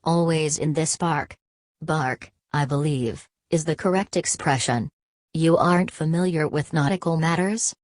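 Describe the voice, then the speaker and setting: A woman voicing an ancient, weary male ghost of a hunter in a read-aloud story, in a calm, measured way. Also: low voice, no echo, clean studio sound. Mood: solemn.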